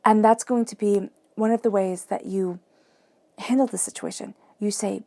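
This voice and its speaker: A woman giving a tarot reading straight to her listener, earnest and encouraging, sometimes dropping to a soft murmur as she chants questions over the cards. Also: medium pitch, steady tone, moderate pace, no room sound. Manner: earnest, emphatic and encouraging, addressing the listener directly. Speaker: tarot reader.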